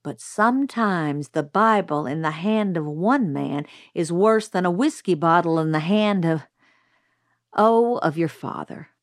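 A woman voicing a wise, kindly older neighbor woman who speaks in a measured, gently firm way. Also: fairly low pitch, expressive, no room sound, clean studio sound.

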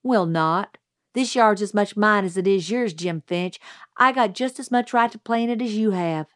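A woman's voice: mid-range voice, normal speed, dry recording, studio quality, natural voice. A woman voicing an outspoken young tomboy girl who asks eager, indignant questions.

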